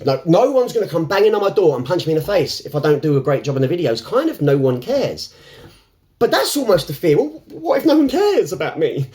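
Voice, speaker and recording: A man with a slightly high voice talks off the cuff to camera, his pitch swinging widely up and down. He rambles, breaks off to restart his sentences and laughs between thoughts. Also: darkish tone. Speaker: self-help vlogger. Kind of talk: unscripted reflective talk to camera.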